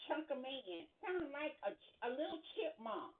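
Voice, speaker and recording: This is a woman hosting a livestream chat, her voice fairly high and swinging widely as she exclaims to viewers. The sound is thin and phone-like, with a faint hiss behind her. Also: moderate pace, few pauses. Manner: animated, exclaiming, talks to viewers. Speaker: livestream podcast host.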